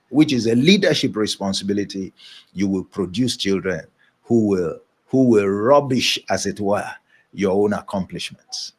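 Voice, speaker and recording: A man's voice: medium pitch, husky. A man giving a motivational leadership lesson in an emphatic, preacher-like way, repeating his key points. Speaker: leadership coach.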